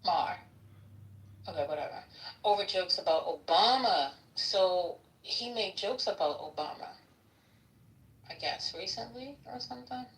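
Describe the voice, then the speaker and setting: A woman hosting a live audio chat, relaxed and chatty, sending well-wishes to listeners. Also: mid-range voice, a little slow, pauses often, echoey room, recorded from a distance, poor audio. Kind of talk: casual chat.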